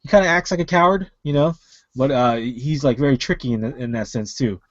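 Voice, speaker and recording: A man co-hosts a casual wrestling podcast from an online call, talking in a loose, rambling way full of fillers and restarts. His voice sits at an ordinary middle pitch. The sound is close and dry, with no room around it. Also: brisk, no echo, muffled recording. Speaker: podcast co-host.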